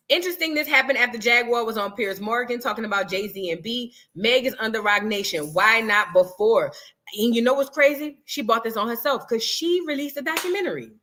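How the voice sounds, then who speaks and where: A livestream commentary host with a highish, pushed and bright voice keeps things casual, chatty and sassy. She reads out super chats, thanks her viewers and calls them "girl" and "boo."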